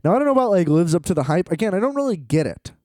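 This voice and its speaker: A man's voice: sits high, big pitch swings, rapid-fire, darkish tone, dry recording, clean studio sound. A tired man rambling in a solo vlog from a hotel room, exasperated, swearing and laughing often. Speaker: vlogger.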